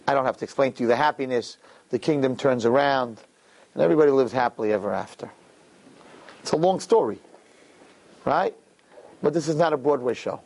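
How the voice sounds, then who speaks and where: A man telling a parable in a sermon, animated and building to impassioned peaks. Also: mid-range voice. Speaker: religious teacher. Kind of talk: sermon storytelling.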